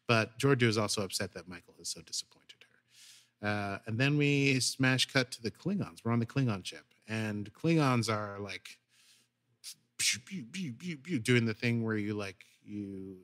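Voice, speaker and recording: A man's voice: on the low side, normal speed. Man animatedly recapping a show. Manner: animated retelling with acted quotes. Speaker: podcast co-host. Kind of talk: casual recap chat.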